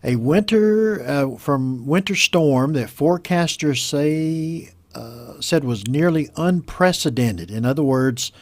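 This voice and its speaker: A man teaching English vocabulary and pronunciation, explaining slowly and patiently and repeating each model word. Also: on the high side, lively intonation, no room sound. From United States. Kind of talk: teaching vocabulary from a news story.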